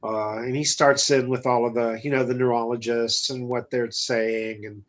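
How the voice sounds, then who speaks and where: At a moderate pace and in a mid-range voice, a male guest entrepreneur relates a personal story in a casual interview. He is blunt and animated, voicing the dialogue himself through quotes.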